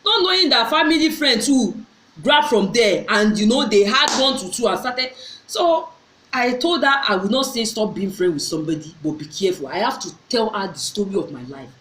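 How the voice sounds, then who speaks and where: A woman's voice: fairly high pitch, expressive, moderate pace, a bit bright, slight background noise. A middle-aged woman tells a personal story to her viewers, earnestly, often repeating and restarting her phrases. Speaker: vlogger. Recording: echoey room.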